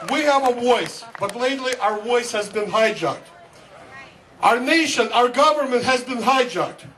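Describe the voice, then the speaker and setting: A man's voice: extremely high pitch, expressive, a little slow. A man from Russia, giving a fervent speech to a crowd at an outdoor rally and repeating a slogan. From Soviet Union (Russia). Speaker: guest speaker at a political rally. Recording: distant mic, loud crowd and noise.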